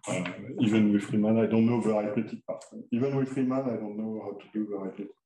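A man's voice: fairly low pitch, fairly even intonation, warm tone. Man lecturing in an echoey hall. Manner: halting, many fillers and restarts. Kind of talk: math seminar lecture. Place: lecture room. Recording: echoey lecture hall, mic far off, noisy.

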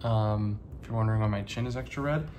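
A man in his thirties talking casually to the camera, halting with many pauses, earnest and grateful. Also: lowish voice, background noise. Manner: halting, soft-spoken, many ums and pauses. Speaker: vlogger and teacher.

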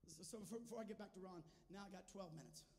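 High-voiced preacher in echoing church. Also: male voice, rapid-fire, background noise. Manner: swings from quiet storytelling to shouted, sing-song preaching. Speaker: guest preacher. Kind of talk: Pentecostal sermon. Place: large church sanctuary. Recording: church hall with long reverb and faint music.

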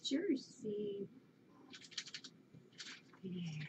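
Woman cooing softly to her pets. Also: a little high, expressive, takes it slowly, pauses often. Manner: soft cooing baby talk. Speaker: pet owner talking to her animals. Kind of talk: casual talk to pets. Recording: dull lo-fi home recording with clear background noise.

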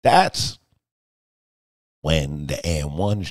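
A man's voice: rumbling low, sing-song, very slow, no echo. A middle-aged man chatting casually on a live stream from his home studio, boastful, joking and profane, rambling loosely from one story to the next. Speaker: streamer and music video director.

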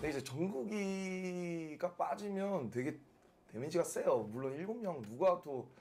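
A man's voice: fairly high pitch, expressive, rapid-fire, a little mellow, soft background music. A man commenting in a played clip, explaining earnestly.

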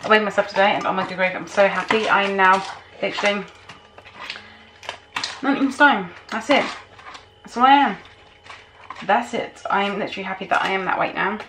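A woman vlogging at home in casual chat, excitable and swearing freely. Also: mid-range voice, brisk, long pauses, noisy background.

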